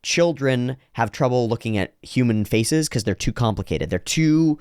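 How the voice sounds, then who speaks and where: In a clean, echo-free studio recording, a man with a medium-pitched voice sounds animated, with a darkish, clear, resonant tone. He's reacting to anime, musing aloud in meandering commentary full of restarts, and he puts on slow, exaggerated voices whenever he quotes a line.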